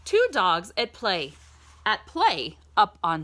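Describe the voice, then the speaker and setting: Woman, children's picture book read-aloud, bright tone, very unhurried, sing-song storytime delivery. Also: mid-range voice, wildly swooping pitch. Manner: asks the listener questions.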